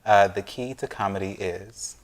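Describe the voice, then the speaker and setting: A woman interviewer in a casual chat, asking quick fill-in-the-blank questions and reacting with encouragement and laughter. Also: very deep voice. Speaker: interviewer, host. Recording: faint background noise.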